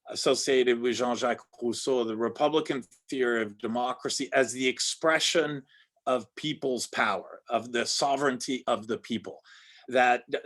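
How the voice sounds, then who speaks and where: A man's voice: medium pitch, a bit bright. A man with an American accent giving an academic lecture over a video call, thoughtful, often restarting and checking in with "right?". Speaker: guest lecturer.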